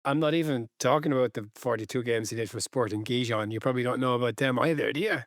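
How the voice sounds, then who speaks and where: A man's voice: medium pitch, fast talker, no room sound, clean studio sound. A man co-hosting a football podcast, chatting in a laid-back way with wry teasing. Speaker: podcast co-host. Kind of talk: casual football chat.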